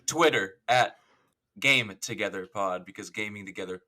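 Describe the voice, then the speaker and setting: Man, thirties, bright voice, crude jokes, laughing podcast chat. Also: fairly low pitch, moderate pace. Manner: crude, joking, laughs while talking. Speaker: podcast guest.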